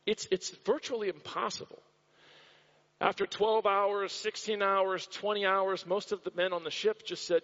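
A man's voice: sits high, a little fast, fairly bright tone. A man from the United States preaching a sermon in a church, telling a story with dramatic repetition. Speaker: pastor. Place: church hall. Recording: dull recording with long hall reverb.

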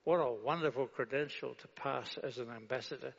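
A man's voice: medium pitch, a little fast, creaky, few pauses, husky. A man preaching a sermon, asking rhetorical questions and leading the congregation through a prayer. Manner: rhetorical questions answered with a firm no; leads the congregation in reading prayer aloud. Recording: dull sound with long hall reverb.

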